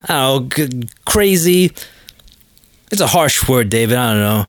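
A man's voice: medium pitch, lively intonation, unhurried, pauses often, dry recording, clean studio sound. A man hosting a comedy podcast, talking in a hesitant, rambling, awkward way full of fillers. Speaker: podcast host. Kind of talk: comedic banter.

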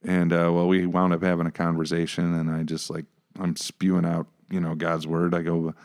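A man, a pastor, telling stories in a relaxed podcast conversation, acting out his own reactions along the way. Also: sits low, normal speed. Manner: animated, acts out his own past reactions. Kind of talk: casual conversational storytelling.

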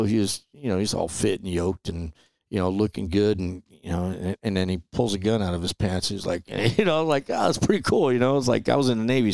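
A middle-aged man from Los Angeles, telling stories in a relaxed, chatty way and often tossing in "man" and "you know". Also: lowish voice, gravelly, no room sound. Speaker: guest. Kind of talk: casual storytelling interview.

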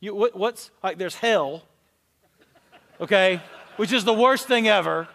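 A man's voice: sits high, a little slow, creaky, pauses often, a bit bright. A man in his forties, a pastor giving a conversational sermon, candid and telling stories with self-deprecating humor. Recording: long reverb of a large hall.

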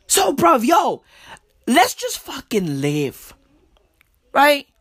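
A woman's voice: on the high side, no echo, studio quality. A young woman, ranting in an exasperated, swearing comic monologue. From South Africa. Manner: exasperated, swearing, repeats slang "bruv". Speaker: comedian. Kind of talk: stand-up style rant.

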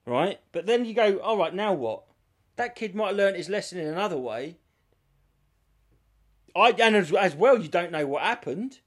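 A man co-hosting a podcast, telling stories in an animated casual chat and swearing freely. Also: sits high, normal speed, pauses often. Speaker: podcast co-host.

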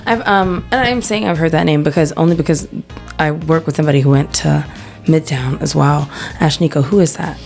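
Female co-host, low voice, easygoing and conversational. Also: brisk, creaky, a little mellow, soft background music. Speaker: podcast co-host. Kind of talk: casual chat.

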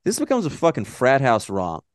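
A man co-hosting a podcast in casual chat, animated and swearing freely as he jokes around. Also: mid-range voice, moderate pace, clear, resonant tone, no room sound, studio quality. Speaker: podcast co-host.

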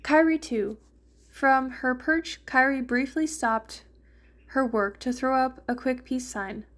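A woman's voice: high-pitched, takes it slowly, fairly bright tone. A woman reading a fan fiction story aloud, narrating and lightly voicing the characters. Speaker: fanfiction reader.

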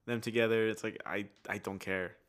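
A man's voice: lowish voice, fairly even intonation, a little fast, a bit bright. A man giving blunt, dry opinions in a casual chat about games.

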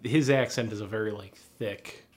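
A man's voice: fairly low pitch, normal speed. A man in casual podcast conversation about movies, hesitant and filler-heavy, often trailing off. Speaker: podcast co-host.

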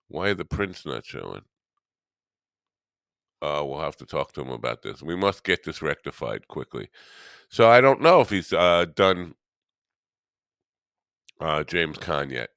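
A man with a very deep voice hosts a morning live stream, rambling and teasing his chat in a self-deprecating way. He sounds drowsy and half awake. The sound is dry and close, with no room around it. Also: vocal fry, fairly bright tone, no room sound.

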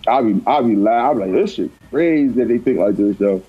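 A man chatting casually outdoors as a podcast co-host, telling animated stories and acting out quotes. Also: mid-range voice, fairly quick, slightly rough, lo-fi sound. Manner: animated storytelling, acts out quotes. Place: outdoors in a park.

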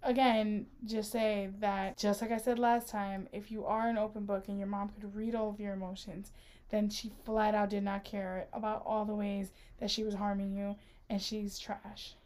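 A woman co-hosting a podcast, chatting casually about a book, giving blunt opinions in quick back-and-forth. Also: mid-range voice, little pitch movement, a little mellow. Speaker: podcast co-host. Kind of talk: casual book-discussion chat.

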